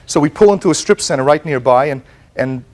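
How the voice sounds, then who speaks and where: An American man testifying as plaintiff in a TV courtroom, telling his story in an animated way, acting out quotes and repeating words as he goes. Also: on the high side, fast.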